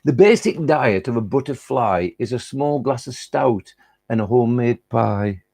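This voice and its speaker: A man voicing a cheeky, boastful male butterfly in a put-on Lancashire accent, reciting a comic poem in character with broad dialect and a creaky, husky voice. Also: medium pitch, expressive, measured pace, darkish tone, no room sound. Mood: cheeky proud. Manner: chatty and boastful, broad northern dialect words.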